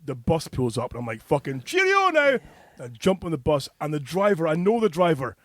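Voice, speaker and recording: A man's voice: a little high, expressive, brisk, dry recording, studio quality. A middle-aged Scottish man telling a rowdy anecdote on a podcast, swearing freely and laughing between lines. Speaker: podcast co-host. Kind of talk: casual podcast chat.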